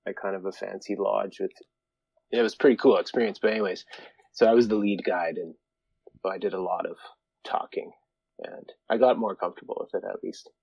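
A laid-back man with a lowish voice, talking in an easygoing way as a podcast guest. The sound is close and dry, with no room around it. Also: fairly even intonation, fairly quick, vocal fry, no room sound, muffled recording. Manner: mellow, easygoing. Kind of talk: casual chat.

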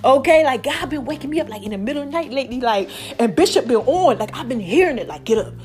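Chatty woman vlog host, high-pitched, lively and talkative, over soft background music. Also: fast. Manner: animated, chatty, preachy asides, lots of "y'all" and "okay?". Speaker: vlogger and podcast host. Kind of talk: casual chat to viewers.

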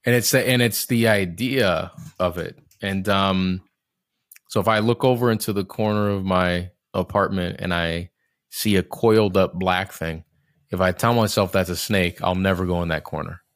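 A man with a very low, deep voice, recorded close and dry with no room sound. He talks in a loose, reflective way, circling back and restarting phrases while he works his thoughts out. His tone is candid and unguarded, with an occasional casual curse. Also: fairly even intonation, moderate pace, dry recording. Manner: swears casually. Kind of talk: casual podcast conversation.

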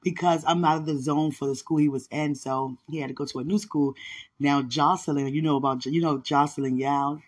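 A woman hosting a podcast, telling a personal faith testimony in casual, animated storytelling. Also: low-pitched, a little fast. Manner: animated storytelling, acts out others' words. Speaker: podcast host.

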